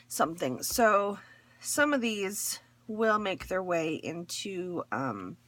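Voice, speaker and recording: A woman vlogger talks through a fabric haul in a relaxed, unhurried way, her pitch bouncing up and down a lot. She still has her morning voice and rambles with fillers and little laughs. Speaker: crafting vlogger. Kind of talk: casual chat showing a fabric haul.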